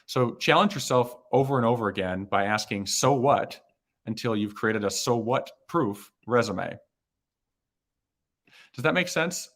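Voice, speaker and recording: A man with a somewhat low voice gives career advice on a live stream. He talks casually, with many fillers, restarts and repeated words. He is close to the mic. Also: expressive, normal speed, fairly bright tone. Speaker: hiring manager and career coach.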